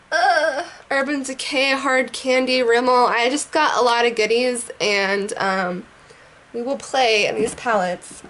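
A young woman talks her way through a makeup routine at home in a loose, rambling way, swearing now and then. Her voice sits a little high but is rough and hoarse from a sinus infection. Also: fairly bright tone, a little hiss or hum. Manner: rambling, chatty, casual swearing. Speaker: beauty vlogger. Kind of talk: casual makeup tutorial chat. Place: bedroom at home.

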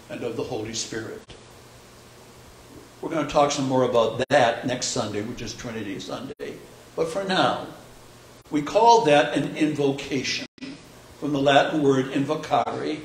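A man's voice: a little high, a little hiss or hum. A man preaching a conversational sermon as pastor, posing rhetorical questions with dry humor. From United States. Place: church sanctuary. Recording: echoey church heard from a distance.

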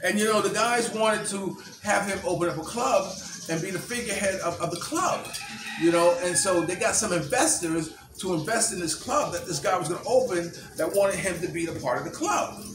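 A man casually retelling a movie plot for his channel, in halting speech full of "you know" and restarts. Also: high voice, over music. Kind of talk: casual storytelling. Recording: roomy distant recording, birds chirping.

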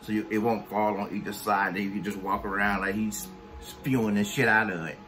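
A man's voice: lowish voice, level tone, a little fast, a bit bright, soft background music. A man vlogging a profane, blunt rant, scornful and heavy on cursing.

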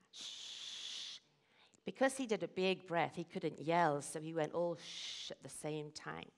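A woman telling a children's story at a church service, animated and expressive, asking the children questions. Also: deep voice, slow.

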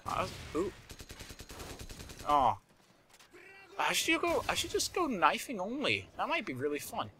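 Man, live game commentary, chatty and rambling, bursts of shouts, sharp forceful voice, gunfire behind. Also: high-pitched, unhurried, pauses often, slight background noise. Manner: excitable, shouts and laughs at in-game moments; rambling and chatty with frequent swearing. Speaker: gameplay commentator. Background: game gunfire and explosions.

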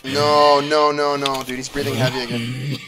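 A young man streaming a game, excitable and swearing, shouting orders to his teammate. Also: medium pitch, moderate pace. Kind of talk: live gameplay commentary. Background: background music.

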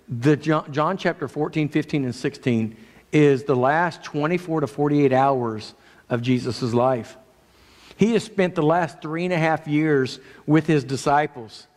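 A man preaching a sermon as pastor, earnest, moving between raised and hushed delivery. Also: fairly high pitch. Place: church sanctuary. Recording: long church reverb.

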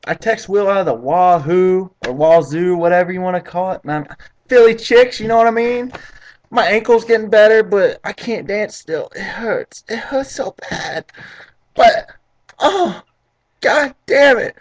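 A young man doing an impression of a dramatic, gossipy teenage girl who talks in a half-hushed voice. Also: sits high, unhurried.

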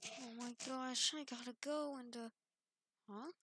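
A woman acting out a casual game role-play, halting and hesitant, with many fillers and restarts. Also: sits high, fairly even intonation, fairly bright tone, breathy edge, no room sound. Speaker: role-play channel host.

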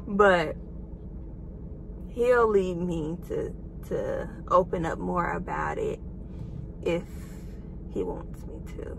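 A woman's voice: lowish voice, expressive, slow, creaky, pauses often, background noise. A young woman vlogging from a parked car, giving an emotional, faith-filled pep talk and calling her viewers "y'all" and "girl". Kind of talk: casual encouraging vlog talk.

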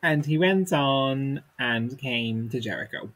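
A man's voice: mid-range voice, animated, takes it slowly, fairly bright tone, poor audio. A man co-hosting a podcast, reading a comic text aloud and dropping dry, wry asides. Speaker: podcast co-host.

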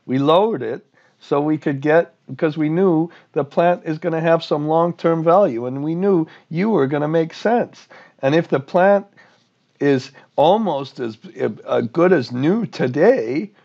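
A man's voice: fairly high pitch, unhurried, darkish tone, muffled recording, pitched above the performer's own voice. A man voicing an aggrieved plant owner who insists he was treated unfairly.

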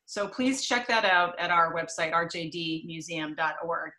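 Woman host, bright clear tone, chatty intro with fillers, video call. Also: on the low side, moderate pace. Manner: friendly, with many fillers. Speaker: museum event host. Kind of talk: virtual lecture introduction.

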